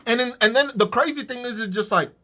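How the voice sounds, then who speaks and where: A man's voice: very high-pitched, fast talker, pushed and bright. A man hosting a podcast, delivering a profane, mocking political rant. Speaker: podcast host. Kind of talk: ranting political monologue.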